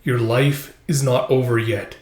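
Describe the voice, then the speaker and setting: A man voicing a stern ancient dragon god, speaking in slow, solemn pronouncements. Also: medium pitch, fairly even intonation, darkish tone, natural voice. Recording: roomy echo.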